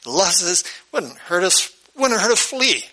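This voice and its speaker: Bright-voiced folksy man preaching. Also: high voice, very animated, measured pace, low-quality recording. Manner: folksy, chuckles at his own stories, acts out quoted voices. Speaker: pastor. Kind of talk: storytelling sermon.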